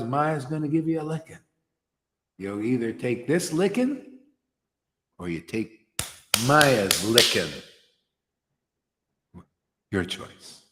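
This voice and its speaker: A man giving an informal devotional sermon, rambling and slangy, often stumbling and repeating words. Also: fairly high pitch. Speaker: spiritual teacher. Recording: long hall reverb.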